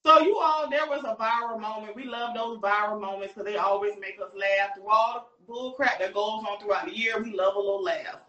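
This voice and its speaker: A woman's voice: mid-range voice, brisk, hardly any pauses, reverberant, dull audio. A woman, chatting casually as co-host and laughing often. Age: 30s. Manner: animated, laughs often, southern slang. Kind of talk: casual group chat.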